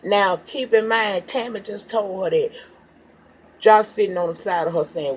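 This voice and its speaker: Woman reviewer, mid-pitched, chatty and profane, dishing on a reality show episode. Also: normal speed, a little hiss or hum. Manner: profane, animated storytelling, calls listeners child and baby. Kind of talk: casual gossipy recap.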